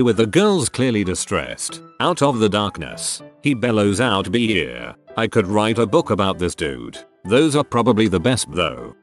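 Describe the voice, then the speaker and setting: Low-voiced man narrating with lively pitch. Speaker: narrator reading online stories. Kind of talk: scripted storytelling narration.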